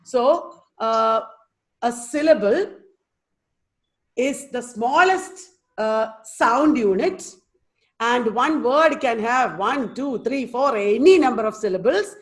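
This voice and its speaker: A woman's voice: fairly high pitch, expressive, slow. A woman with an Indian English accent giving an online lecture, patiently repeating and sounding out words. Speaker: teacher giving a webinar.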